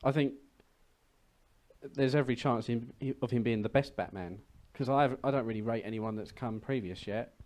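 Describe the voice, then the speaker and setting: A young man co-hosting a podcast, rambling through movie news in easy, wry chat. His pitch sits in an ordinary middle range. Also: normal speed, darkish tone. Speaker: podcast co-host. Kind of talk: casual chat.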